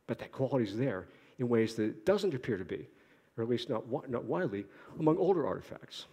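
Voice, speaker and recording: A man giving an academic conference lecture in a lively, joking way, asking rhetorical questions. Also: mid-range voice, fast talker, husky. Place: lecture hall. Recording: echoey lecture hall.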